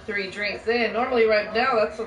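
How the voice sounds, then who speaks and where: A woman's voice: fairly high pitch, steady tone, normal speed, reverberant, far from the mic, muffled recording. A woman co-hosting a casual livestream chat, teasing and giggling. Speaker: livestream co-host.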